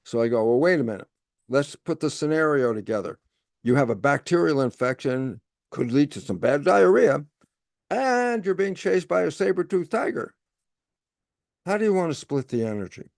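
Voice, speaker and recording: A man's voice: a little high, big pitch swings, moderate pace, gravelly, darkish tone, no room sound, clean studio sound. An older man explaining as a podcast guest, lecturing and acting out questions and answers with himself. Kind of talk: explanatory talk.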